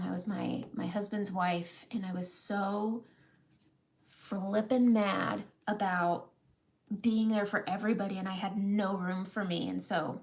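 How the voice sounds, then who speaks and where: A woman's voice: mid-range voice, a little mellow, a little hiss or hum. A woman in her thirties talking candidly on her live makeup vlog, emotional and close to tears, laughing through it. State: close to crying. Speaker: makeup seller and vlogger.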